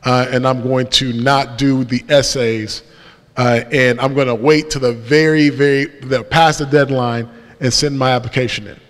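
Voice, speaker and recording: A man's voice: medium pitch, normal speed. Self-mocking man telling a story in a reverberant church. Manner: lively storyteller who acts out dialogue and laughs at himself. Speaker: guest speaker. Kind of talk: storytelling testimony. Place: church sanctuary. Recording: long church-hall reverb.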